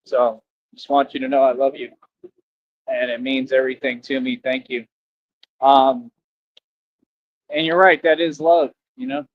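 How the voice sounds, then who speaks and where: A man's voice: medium pitch, flat delivery, unhurried, pauses often, dry recording. A man livestreaming outdoors near traffic, rambling and preachy, repeating himself as he asks viewers for donations. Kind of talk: casual rambling livestream talk. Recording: dull lo-fi stream audio.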